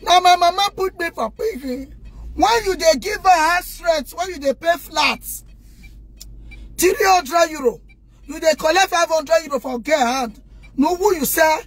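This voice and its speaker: Very high-pitched Nigerian woman ranting. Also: unhurried. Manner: scolding, loud and indignant, addressing viewers directly. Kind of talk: impassioned rant to the camera.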